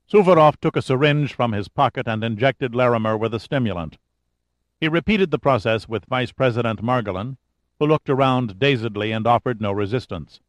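A man reading a thriller audiobook in a steady, measured storytelling voice. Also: mid-range voice, dry recording. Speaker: audiobook narrator. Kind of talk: scripted thriller narration.

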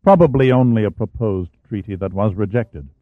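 A man's voice: on the low side, normal speed, no room sound, natural voice. A man voicing a friendly, chatty American historian. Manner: genial, chatty. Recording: dry, tinny phone-like sound.

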